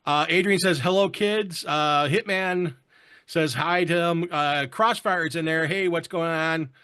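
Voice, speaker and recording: Fairly high-pitched, smooth and sharp-toned, this show host speaks unhurriedly at a casual online roundtable. He keeps things chatty, saying hello to viewers and reading their comments out loud.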